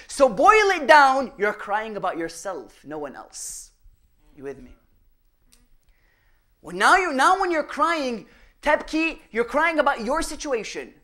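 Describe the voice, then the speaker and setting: A man giving a religious lecture, firing rhetorical questions at the audience and swinging between loud emphasis and hushed asides. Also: very high-pitched. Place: mosque or Islamic center hall.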